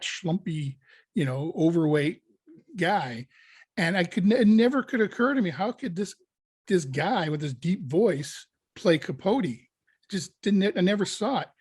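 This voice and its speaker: Lively man telling anecdotes, slightly high voice. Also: slightly rough, no room sound. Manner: lively anecdotes, acting out his own panic. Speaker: actor being interviewed. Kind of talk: casual storytelling interview.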